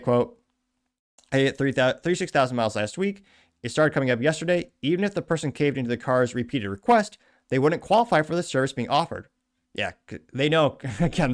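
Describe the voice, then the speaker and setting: A man hosting a show, reading out a news article and adding wry, chatty asides in casual commentary. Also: mid-range voice. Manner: wry, chatty, quick asides and self-corrections. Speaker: show host.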